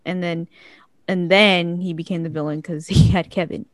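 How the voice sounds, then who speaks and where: A woman's voice: fairly low pitch, steady tone, moderate pace, dry recording. A woman in a casual chat, talking eagerly and laughing easily.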